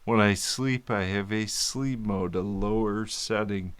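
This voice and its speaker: Slow, halting man with a smooth voice. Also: fairly low pitch. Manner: slow, halting speech with long pauses and sighs; candid, informal, occasional cursing. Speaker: vlogger. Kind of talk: personal video diary.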